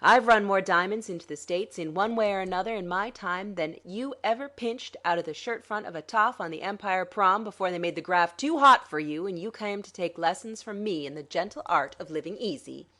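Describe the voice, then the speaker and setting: For an audiobook, a woman plays a smug, sarcastic male crook, cool and scheming, who talks down to his partners. Her medium-pitched voice is a bit bright and lightly acted, moving fairly quickly with few pauses. The tone is dry, sarcastic and smoothly condescending.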